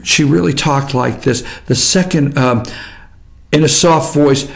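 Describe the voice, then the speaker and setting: A man hosting a show, delivering a combative political commentary monologue that swings between shouting and muttering. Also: medium pitch, unhurried, gravelly. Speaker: host.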